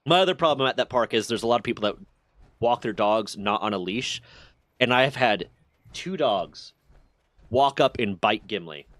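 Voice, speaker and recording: A male streamer telling stories to his chat with lots of cursing and plenty of animation. His voice sits at an ordinary mid pitch and sounds dry and close to the mic. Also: normal speed, no room sound. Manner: profane, animated storyteller. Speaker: livestream host. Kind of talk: casual storytelling to a stream chat.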